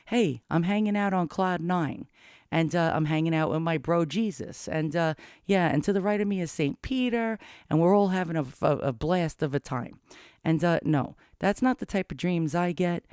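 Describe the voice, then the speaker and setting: A middle-aged man rambling anxiously to camera in a casual confessional vlog, cursing often and cracking dark jokes. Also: a little high, normal speed, clear, resonant tone, dry recording, studio quality. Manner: rambling, profane, darkly joking. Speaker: vlogger.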